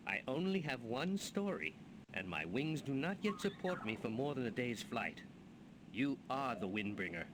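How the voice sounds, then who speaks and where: A man's voice: mid-range voice, background noise. An actor playing a young winged guardsman in a video game, earnest and formal.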